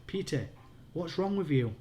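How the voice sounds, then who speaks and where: A man's voice: a little high, lively intonation, moderate pace, warm tone, a little hiss or hum, pitched above the performer's own voice, natural voice. A man with a Yorkshire accent voices a frightened twelve-year-old girl from a spooky storybook. The voice is lifted well above his own, urgent and pleading. It is read aloud for a child at bedtime. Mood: anxious.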